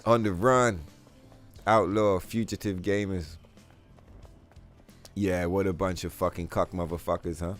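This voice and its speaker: A man's voice: low voice, level tone, unhurried, pauses often. A young man hosting a gaming livestream, chatting casually with viewers in a profane, rambling way full of fillers. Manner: reads chat aloud and answers viewers. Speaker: livestream host. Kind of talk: casual gaming stream chat. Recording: faint music behind the voice.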